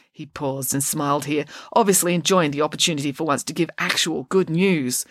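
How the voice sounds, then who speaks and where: A woman narrating a children's audiobook in a lively, expressive way. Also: deep voice, a little fast, few pauses, no room sound, studio quality.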